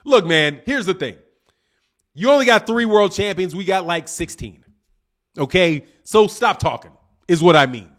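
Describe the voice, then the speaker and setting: A man with an unusually high voice hosts a casual livestream. He rambles quickly and teases his viewers with cocky trash talk, often restarting his sentences. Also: lively intonation, fairly bright tone. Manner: cocky, teasing, trash-talking; fast, rambling, with restarts and laughs. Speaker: livestream host.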